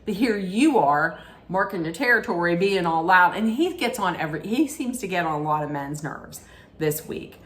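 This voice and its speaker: A middle-aged woman recapping a reality show in a casual, rambling way, often correcting herself mid-sentence and throwing in animated asides. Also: on the low side, normal speed. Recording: echoey room with faint ambience.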